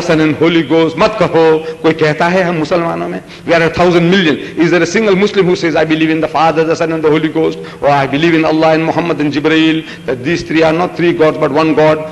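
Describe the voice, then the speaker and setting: An older man giving a lecture to a live audience, theatrical and full of rhetorical questions, switching between English and Hindustani as he acts out little scenes. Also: on the high side. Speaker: public lecturer on religion. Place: large lecture hall. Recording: echoey hall with faint background noise.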